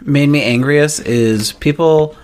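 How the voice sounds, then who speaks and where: A man's voice: on the high side, slow pace, a little mellow, smooth. A man co-hosting a podcast, ranting emphatically about rules and customers in casual chat. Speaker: podcast co-host.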